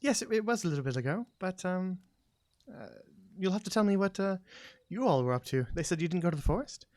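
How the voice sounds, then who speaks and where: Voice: mid-range voice, animated, brisk, darkish tone, no echo, voice pushed up, lightly acted. A timid young woman stumbles over her words in a raised, hesitant voice, as a game master puts her on. She is polite and easily flustered, heard dry and close in a tabletop game. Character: shy, nervous young woman, timid helper.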